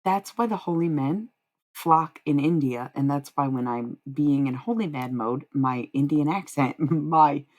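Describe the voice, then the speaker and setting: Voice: medium pitch, unhurried. A tarot streamer talking casually on a live stream, profane, confrontational and rambling.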